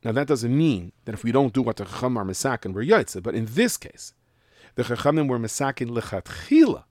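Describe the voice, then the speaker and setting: Animated man teaching Mishnah. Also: mid-range voice, brisk, no room sound, studio quality. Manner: explains in English mixed with Hebrew and Yiddish terms, stressing pronunciation. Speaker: Torah teacher. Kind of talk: Mishnah class explanation.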